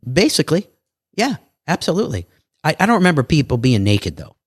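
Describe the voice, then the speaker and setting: A man telling stories as a podcast guest in an animated, casual way, acting out other people's lines. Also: fairly high pitch, brisk, husky, no room sound, studio quality. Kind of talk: casual interview storytelling.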